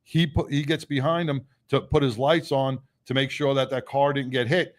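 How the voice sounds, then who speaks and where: A man's voice: medium pitch, steady tone, moderate pace. Give me a male radio host talking casually, full of fillers, with a mid-range voice. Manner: rambling with many fillers and restarts. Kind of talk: casual on-air banter.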